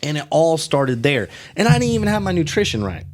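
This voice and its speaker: A man's voice: a little high, fairly quick. A man in his twenties hosting a casual podcast, telling stories with lots of swearing and "bro" and "dude". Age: 20s. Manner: animated storytelling, heavy swearing, frequent "bro" and "dude". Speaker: podcast host.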